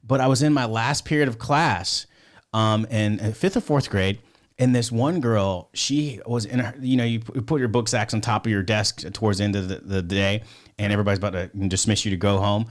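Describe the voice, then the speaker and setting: A man's voice: lowish voice, brisk. A man, a podcast guest, telling a story in a casual, rambling way, full of fillers, restarts and swearing.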